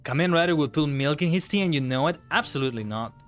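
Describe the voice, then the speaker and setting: Man, streamer, casual chat, profane, animated rants, faint background music. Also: a little high, quick pace. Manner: ranting, swears freely, animated outbursts. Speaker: VTuber streamer. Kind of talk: casual live-stream chat while gaming.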